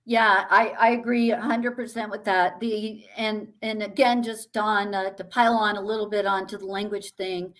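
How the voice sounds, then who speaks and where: A woman's voice: medium pitch, steady tone, normal speed, few pauses, a bit bright. A woman sales executive on a panel, talking in a chatty, emphatic way with fillers and restarts. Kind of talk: panel discussion.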